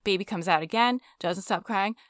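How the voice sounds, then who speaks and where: A woman's voice: mid-range voice, moderate pace, no echo, clean studio sound. A woman co-hosting a podcast, retelling a story in casual chat with emphatic indignation. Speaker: podcast co-host. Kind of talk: casual true-crime chat.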